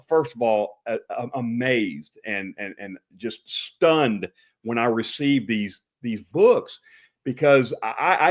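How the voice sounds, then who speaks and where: A man with an East Texas drawl hosts a casual live chat show. His voice sits in an ordinary middle pitch, and he rambles along with plenty of uhs and restarts. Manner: rambling, many fillers and restarts. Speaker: host.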